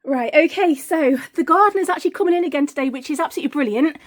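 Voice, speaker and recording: A woman chatting casually in a home and garden vlog, excitable and gushing, laughing often and swearing freely. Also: high-pitched, very fast, a little hiss or hum.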